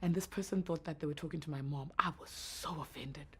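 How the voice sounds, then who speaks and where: Woman w a low husky voice, earnest, kinda reflective, restarts a lot. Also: fairly quick. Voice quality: naturally deep voice. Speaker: entrepreneur guest. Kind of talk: emotional interview answers.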